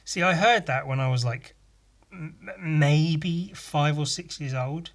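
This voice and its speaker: Speaking slowly in a voice that sits on the high side, a male podcast host from England, English accent and all, delivers a laid-back solo rant. He peppers it with mock outrage, swearing, and sardonic asides.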